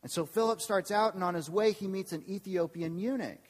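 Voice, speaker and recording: A man preaching as a campus pastor, lively and engaging, often asking the congregation questions. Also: sits high, fairly quick. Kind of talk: sermon. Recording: long hall reverb.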